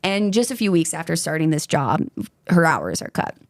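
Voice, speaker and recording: A woman's voice: sits low, normal speed. Chatty young woman telling a crime story. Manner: chatty and animated, swears casually, slips into quoting voices. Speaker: podcast host telling a true crime story. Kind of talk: casual storytelling chat.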